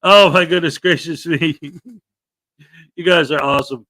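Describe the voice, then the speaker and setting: A man hosting a live-stream reaction chat, excitable and goofy, laughing and shouting playfully. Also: a little high, measured pace, dry recording, clean studio sound. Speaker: host.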